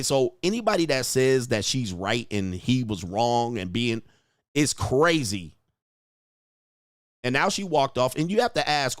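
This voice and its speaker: A commentator reacts to a viral video in casual, blunt, profane fashion, animatedly acting out what people in it say. His medium-pitched voice is recorded in studio quality with no echo.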